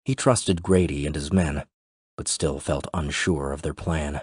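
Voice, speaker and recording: A man narrating a thriller audiobook in a steady, measured way. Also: a bass voice, breathy edge, no room sound, clean studio sound.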